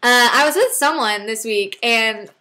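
A woman's voice: a little high, unhurried, sharp tone. A young woman co-hosting a casual vlog, chatting and telling stories, acting out quotes with laughs. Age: young adult. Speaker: vlog co-host. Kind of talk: casual chat.

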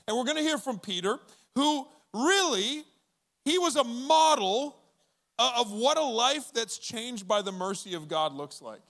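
A male pastor giving a sermon in a casual, animated way, acting out bits of dialogue for his church audience. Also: high-pitched. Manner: conversational and animated, acting out quoted voices.

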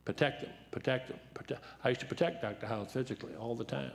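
A seventy-year-old preacher with a gravelly, worn-out voice, preaching in a church. He moves through joke after joke and story after story in a loose, folksy way, at a middle pitch. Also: fast talker. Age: 70s. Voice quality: worn, dried-up voice. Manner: joking, folksy, full of anecdotes. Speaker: guest preacher.

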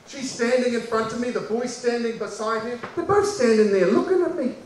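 A man performing a personal story aloud, dramatic and full of pauses, acting out the people in it. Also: very high-pitched. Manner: dramatic, acts out voices and pauses. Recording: echoey room from far off with faint background noise.

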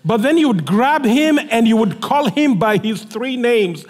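A male pastor preaches with a high, lively voice that swings all over as he tells a story and plays both sides of a conversation. The sound carries a long reverb from a church sanctuary. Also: normal speed, few pauses. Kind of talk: sermon.

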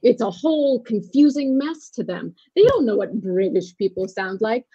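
A woman's voice: fairly high pitch, sing-song, moderate pace, warm tone, slightly rough, muffled recording. A woman guest arguing emphatically in a casual comedy debate. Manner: emphatic and argumentative.

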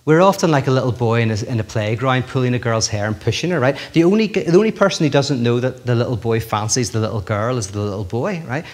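A middle-aged man giving a public lecture in a lively, joking way, often restarting his sentences. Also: mid-range voice, brisk. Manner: animated, joking, many restarts.

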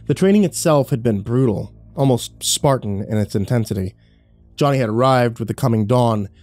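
Low-voiced male horror narrator. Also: dark tone. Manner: measured, dramatic storytelling.

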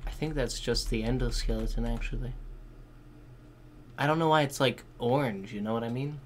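A man giving casual, excitable reaction commentary on a game trailer, swearing freely and thinking out loud. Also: mid-range voice, normal speed, background noise. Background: game trailer music.

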